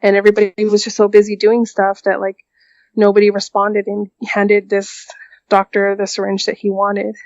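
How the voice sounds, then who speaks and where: A woman guest on a podcast telling a personal story in a halting, quiet way, full of "like" and "um". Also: mid-range voice, monotone, no room sound, dull audio.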